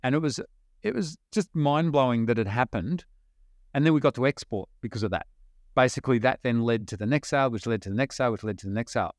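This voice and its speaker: A middle-aged Australian man, a podcast guest, telling business stories in an animated, storytelling way with quick bursts and laughs. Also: mid-range voice, no room sound, clean studio sound. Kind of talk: storytelling interview talk.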